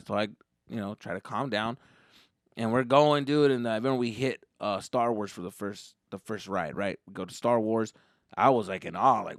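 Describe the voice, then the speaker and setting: A young man telling a comic story as a podcast host, profane and animated, jumping into voices. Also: medium pitch, brisk, no room sound, studio quality.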